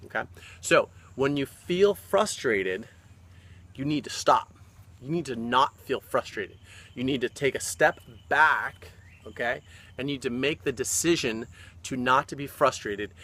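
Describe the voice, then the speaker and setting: Bright-voiced motivational fitness man. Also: mid-range voice. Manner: animated, often checks in with "okay?" and "right?". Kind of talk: motivational vlog talk.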